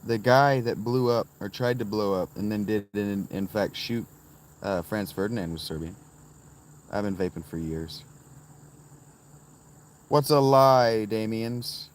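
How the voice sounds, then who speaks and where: On the low side and measured, with frequent pauses, this man's voice comes from a tent where he's casually livestreaming. He reads the chat, responds to viewers by name, rambles, and bursts into chanting in a sing-song way.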